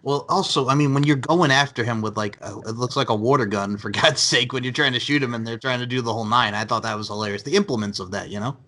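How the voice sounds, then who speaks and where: A man's voice: mid-range voice, fast, few pauses, bright, forceful tone. A man hosting a podcast in casual chat, rambling with lots of likes and laughing often. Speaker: podcast host.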